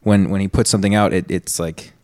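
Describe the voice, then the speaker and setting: A man's voice: deep voice, fairly even intonation, a little fast, darkish tone. A young man co-hosting a podcast, chatting loosely with lots of restarts, fillers and swearing. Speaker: podcast co-host. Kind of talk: casual chat.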